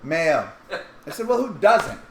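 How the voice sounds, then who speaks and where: High-voiced canadian man telling a story. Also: measured pace. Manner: animated, acts out quoted voices. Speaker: podcast host. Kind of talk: casual storytelling chat. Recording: echoey room, faint noise.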